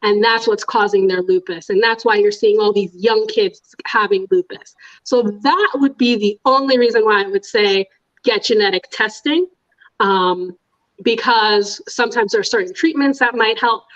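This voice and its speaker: A woman's voice: medium pitch, moderate pace. Woman physician, informal explaining, dull lo-fi audio. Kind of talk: explaining on a panel.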